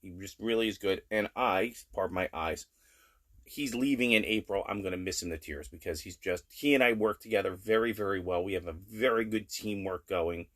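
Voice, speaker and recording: A middle-aged man giving a casual daily video update from home, blunt and plain-spoken, with animated rants. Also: low-pitched, a little fast. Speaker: vlogger.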